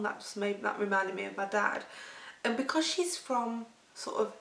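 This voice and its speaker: A woman's voice: mid-range voice, normal speed, a bit bright. A woman with a Lancashire accent, vlogging in a rambling, chatty way and laughing through her stories. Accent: Lancashire English. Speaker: weight-loss vlogger. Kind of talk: rambling casual storytelling. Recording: roomy sound, distant from mic.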